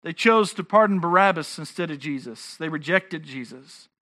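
A man's voice: fairly high pitch, animated, moderate pace, bright, forceful tone. A man preaching a sermon as pastor, earnest and emphatic, often restarting his phrases.

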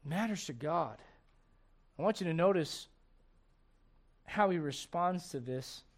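A man's voice: a little high, lively intonation, a little slow. A middle-aged man preaching a sermon, acting out quoted voices and laughing at his own jokes. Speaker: pastor.

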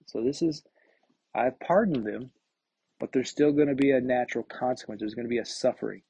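A man's voice: mid-range voice, fairly quick, gravelly, mellow, husky. A man teaching a Bible study verse by verse, reading scripture aloud and then commenting, often repeating words as he gathers his thoughts. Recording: dull, lo-fi recording.

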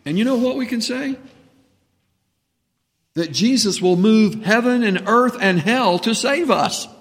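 Male pastor, sermon, lively swooping delivery, slightly high voice, echoing church hall. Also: unhurried. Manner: impassioned, swings between hushed and booming when voicing Jesus. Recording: reverberant hall.

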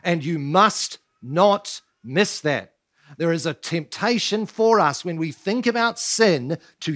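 A man's voice: a little high, fairly bright tone. A man preaching a sermon as pastor, asking rhetorical questions and pressing his points with emphasis. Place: church.

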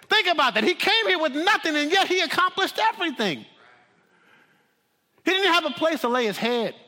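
A man preaching a sermon as a pastor, dramatic, swinging from loud pleading to hushed near-whispers. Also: very high voice. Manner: dramatic, shifts from shouting to hushed. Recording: long hall reverb.

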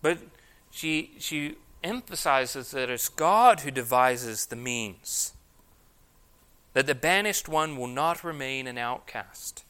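A man's voice: medium pitch, expressive, slow pace, bright, forceful tone, clear, resonant tone. A man preaching an expository sermon, reading scripture aloud with emphasis and then explaining it. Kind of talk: sermon, expository Bible teaching.

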